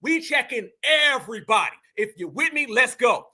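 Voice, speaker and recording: A man's voice: extremely high pitch, very animated, normal speed, bright, forceful tone, breathy edge. A man hosting reaction commentary, combative and mocking, talking straight to his viewers. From Georgia, US. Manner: combative, mocking, preachy, addresses viewers as family. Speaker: commentary channel host.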